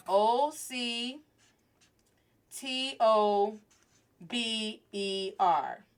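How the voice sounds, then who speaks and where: A woman in her thirties hosting a casual podcast lesson, chatty and lively, switching into Spanish phrases as she teaches. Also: medium pitch, slight background noise.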